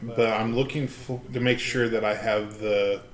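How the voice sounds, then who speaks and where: A man's voice: fairly low pitch, steady tone, measured pace. A man as a player in a tabletop game, planning his character's moves aloud. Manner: plans actions aloud, shifts into a put-on voice for his character. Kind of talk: tabletop role-play. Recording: echoey room.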